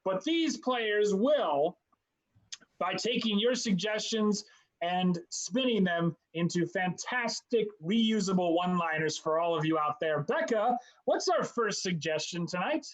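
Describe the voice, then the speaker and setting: A man's voice: high-pitched, expressive, measured pace, poor audio. A man hosting a live improv show from home over a video call, introducing the games in a jokey, announcer-like way.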